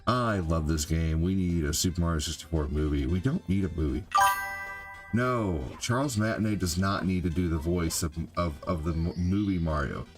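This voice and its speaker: A man's voice: sits low, normal speed. An older man chatting casually while streaming gameplay, rambling with lots of "you know" and "like," with game music faintly behind. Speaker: gaming streamer. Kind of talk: live gameplay stream chat.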